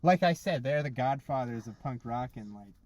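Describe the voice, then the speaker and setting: A man's voice: mid-range voice, animated, moderate pace, a little mellow. Rambling man chatting in a car. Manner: rambling, lots of "like". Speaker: podcast co-host. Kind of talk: casual chat. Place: parked car.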